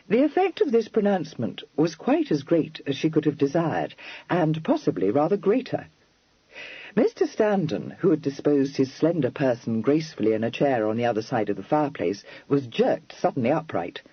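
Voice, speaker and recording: Husky male audiobook narrator, lively intonation. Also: on the high side, no room sound, lo-fi sound. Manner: measured storytelling, lively intonation. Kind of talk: scripted narration.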